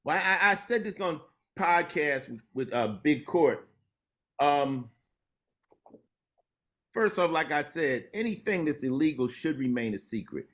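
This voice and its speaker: A man as an interview guest, telling stories in a laid-back way and dropping low and slow when he turns serious. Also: expressive, fairly bright tone. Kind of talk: casual conversation.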